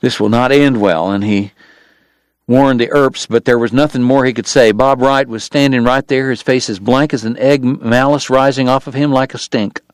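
A man giving measured, scripted audiobook narration of a western. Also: medium pitch, fairly even intonation, dry recording.

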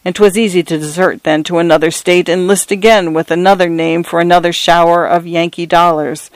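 Male story narrator, earnest and measured, smooth resonant tone, close dry sound. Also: on the high side, flat delivery, no room sound, poor audio.

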